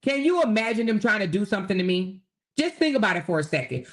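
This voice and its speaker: Speaking fast in a sing-song, mid-range voice, a woman livestream host launches into a heated rant. She's profane and confrontational, repeatedly demanding to know whether you hear her.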